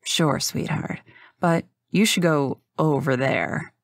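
A woman's voice: deep voice, takes it slowly, gravelly, no echo, clean studio sound, full character voice. Woman voicing a smug college guy.

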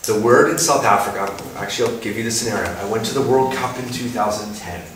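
A man's voice: on the low side, fast talker, a bit bright. Male speaker, casual lecture delivery full of ums, recorded from a distance in a very echoey hall with faint noise. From Canada. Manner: hesitant, many ums and restarts, playful asides. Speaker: guest speaker. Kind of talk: informal public talk.

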